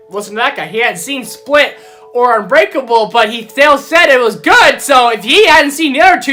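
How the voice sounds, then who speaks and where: High, bright-voiced excitable woman. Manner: excitable, gets riled up. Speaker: film vlogger. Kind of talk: casual movie review rant.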